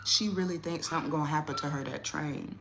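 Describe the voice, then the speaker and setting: A woman's voice: quick pace, background noise. A woman hosting a casual livestream, telling a story. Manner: animated, rising loud and high when riled. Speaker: livestream host.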